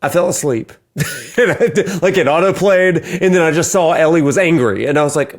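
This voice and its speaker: A man co-hosting a TV recap podcast, telling a family story in an animated way and laughing often. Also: on the high side, brisk. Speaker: podcast co-host. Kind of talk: casual chat.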